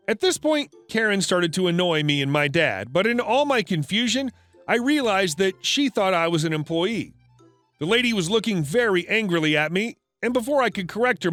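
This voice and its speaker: A man narrates an online story in a high voice that moves a lot. He reads the quoted dialogue in much the same even voice as the rest. The sound is dry and close, with soft music underneath. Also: normal speed, no echo.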